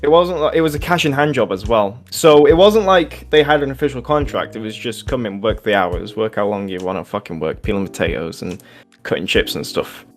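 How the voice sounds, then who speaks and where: A man's voice: on the low side, expressive, fairly quick, faint music behind. A young man from England, co-hosting a podcast and telling casual anecdotes, swearing and laughing often. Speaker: podcast co-host. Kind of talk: casual storytelling chat.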